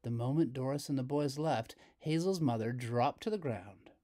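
A man reading a children's picture book aloud as storyteller, slow and expressive. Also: mid-range voice.

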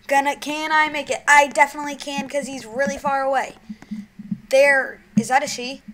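A young woman giving gameplay commentary on her own channel, excitable, shrieking and giggling, then dropping to mumbled whispers. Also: high voice, moderate pace, slight background noise, poor audio. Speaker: gaming YouTuber.

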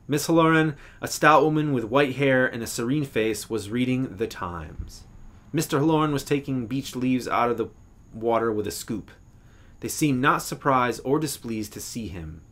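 A male English professor reads a literary short story aloud. His delivery is measured and expressive, with a few small self-corrections along the way. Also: mid-range voice.

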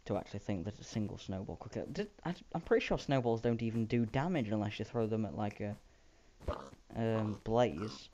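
A man's voice: fairly low pitch, lively intonation, fairly quick, dark tone. A man rambling through casual, self-mocking gameplay commentary. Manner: rambling, self-mocking, playful sound effects. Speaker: Minecraft let's player. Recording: dull lo-fi home mic with faint hiss.

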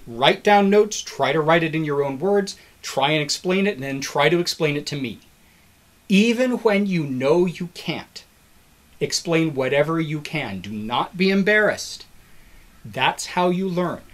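A man giving a recorded biology lecture, explaining step by step and acting out a crowd doing the wave, encouraging to his students. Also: fairly high pitch. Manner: animated, acts out cheering crowd voices in examples.

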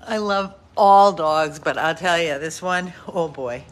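Slow-talking woman from a dog rescue. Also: slight background noise. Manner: chatty, switches to high baby talk with the dog. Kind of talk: casual adoption video, talking to a dog.

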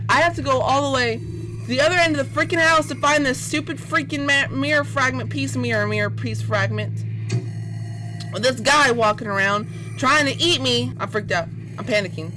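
A woman's voice: high voice, moderate pace, noisy background. A woman commenting on her own horror game play, panicky and nervously repeating words. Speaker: gamer playing a horror game. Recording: game music playing behind.

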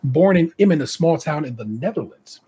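A man's voice: on the high side, lively intonation, a little fast, mellow, slight background noise. A man hosting a casual podcast, reading out contestant bios and breaking off for chatty asides and laughter. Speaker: podcast host.

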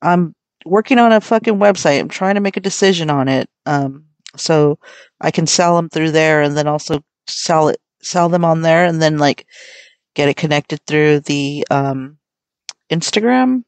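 A woman's voice: deep voice, moderate pace, no echo. Frank, rambling woman podcaster, dry sound. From United States. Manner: rambling, frank, swears freely. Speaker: podcast host. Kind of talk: casual solo podcast chat.

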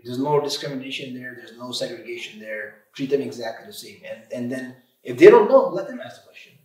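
A man who owns an auto repair shop, talking as a guest on a podcast interview in an emphatic, animated way and leaning often on "you know" and "literally". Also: mid-range voice, a little fast. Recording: roomy sound from a distant mic.

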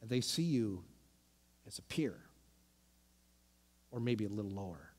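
A man preaching a sermon as pastor, animated and often restarting his sentences. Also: lowish voice, measured pace, long reverb tail. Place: church sanctuary.

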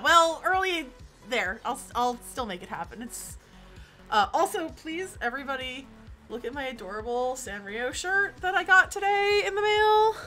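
A chatty young woman talks casually to her stream, her voice bright and a little sharp. Her pitch sits fairly high and swoops around, with bursts of excited exclamation. Faint music plays quietly behind her. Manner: bubbly, chatty, exclaims often. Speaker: Twitch streamer. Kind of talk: casual live-stream chat.

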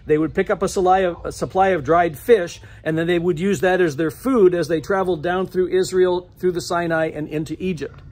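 Man, pastor, sermon, high voice, breathy, acts out quotes. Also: fairly even intonation, brisk, hardly any pauses, darkish tone. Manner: storytelling, restarts words, acts out quoted lines. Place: church sanctuary.

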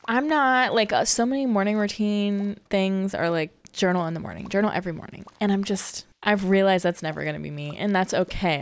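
A young woman with a slightly low-pitched voice, chatting casually while she plays a farming game. She rambles from thought to thought and often talks to herself, like a gaming content creator addressing her viewers.

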